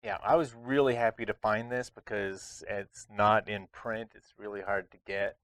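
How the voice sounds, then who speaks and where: A man's voice: fairly low pitch, steady tone, moderate pace, a bit bright, no echo. A man hosting a casual board game review, talking in a chatty, rambling way with lots of restarts. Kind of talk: casual chat.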